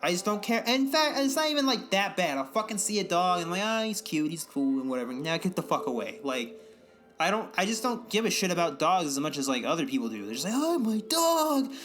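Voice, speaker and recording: Brief: young male podcast co-host, high bright voice, profane ranting, faint music underneath. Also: big pitch swings, quick pace. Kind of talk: casual profane rant.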